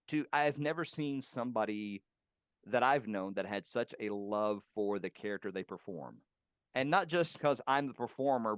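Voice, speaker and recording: A man with a lowish, smooth and resonant voice tells warm, rambling anecdotes from his working life. The sound is dry and close, with no room around it. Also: no room sound. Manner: warm, reminiscing, laughs while telling anecdotes. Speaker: guest puppeteer. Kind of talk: casual interview storytelling. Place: home.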